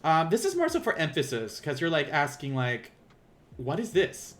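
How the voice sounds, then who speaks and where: A man's voice: on the high side, wildly swooping pitch, moderate pace, fairly bright tone. A man with a Southern US accent giving a casual live-streamed language lesson, rambling and self-deprecating as he thinks aloud. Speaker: language teacher. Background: keyboard typing.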